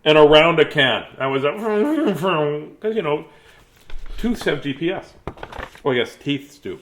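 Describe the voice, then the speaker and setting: A man's voice: fairly high pitch, sing-song, measured pace. A man reading children's picture books aloud in a playful, silly way, laughing and chatting between pages. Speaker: children's book reader.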